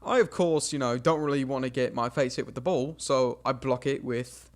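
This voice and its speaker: While streaming games, a young man tells a casual, embarrassing tale from when he was a kid, chuckling at his own expense as he mimics what others said. He speaks in a mid-range voice at a normal speed.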